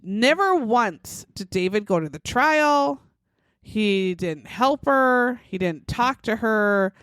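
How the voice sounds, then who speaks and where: Animated woman telling a true crime story. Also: on the high side, slow pace, smooth, dry recording. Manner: animated, acts out quotes, swears freely. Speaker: podcast host.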